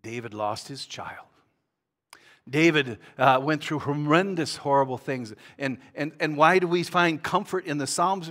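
Guy pastor preaching, bright kinda high voice, goes loud then real quiet. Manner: dynamic, swings between loud and hushed. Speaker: guest pastor. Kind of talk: sermon.

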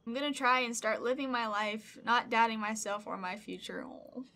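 Young woman, upbeat vlogger type, bright higher voice, excitable and emotional. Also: moderate pace. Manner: bubbly and excitable, squeals up high, gets teary reading fan letters. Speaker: YouTuber. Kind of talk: casual vlog chat. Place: home room with packages.

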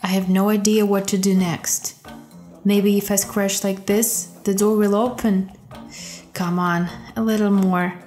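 A woman's voice: medium pitch, little pitch movement, measured pace. A woman narrating short stories as a storyteller, reading all the characters herself in lightly changed voices. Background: soft background music.

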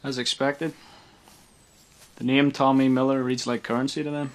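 An actor playing an uneasy detective. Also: male voice, medium pitch, level tone, normal speed, lightly acted. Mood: troubled. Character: troubled detective hunting a killer. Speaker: police detective.

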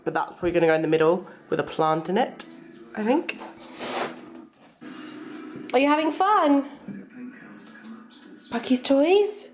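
A woman's voice: on the low side, sing-song, fairly quick, over music. A young English woman vlogging at home, encouraging her baby with sing-song baby talk and chatting to the camera. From Cheshire, England. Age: young adult. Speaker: vlogger and mother. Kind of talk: casual home vlog. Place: home living room.

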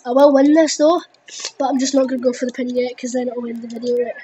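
A teenage girl, commenting on her gameplay in an excitable, rambling way with lots of fillers. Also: sits high, fast talker, slight background noise, rough recording. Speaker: gaming video host.

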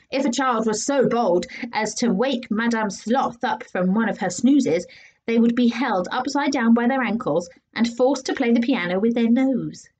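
A woman's voice: a little high, darkish tone, slightly rough. A woman teacher reading a story aloud to a class, playful, with comic sound effects and emphasis.

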